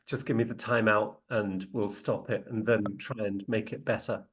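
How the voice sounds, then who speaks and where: A man training people in sales negotiation, telling an anecdote in a lively, animated way, laughing often and restarting his sentences. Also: fairly low pitch, normal speed. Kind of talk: lively anecdote with acted quotes.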